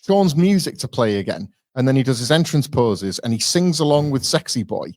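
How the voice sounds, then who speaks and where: This man co-hosts a podcast and recaps events with lively, building energy. He laughs easily as he tells a story. The recording is dry and close, with almost no room sound. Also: mid-range voice, normal speed, no echo. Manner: animated storytelling, laughing often. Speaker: podcast co-host. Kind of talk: casual podcast review chat.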